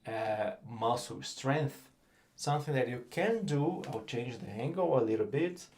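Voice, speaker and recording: A man with a Brazilian accent, giving a relaxed guitar lesson and explaining technique with frequent fillers. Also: medium pitch, unhurried. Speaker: guitar teacher. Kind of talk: instructional lesson.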